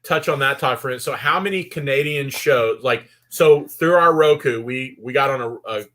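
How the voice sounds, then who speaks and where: A man's voice: mid-range voice, moderate pace, pushed and bright, slight background noise. A man from Texas, a guest on a video call, chatting casually and rambling with restarts.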